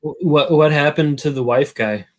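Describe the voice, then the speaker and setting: A woman's voice: sits low, normal speed, darkish tone. A woman co-hosting a casual livestream chat, talking bluntly with swearing and stammered restarts. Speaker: livestream co-host.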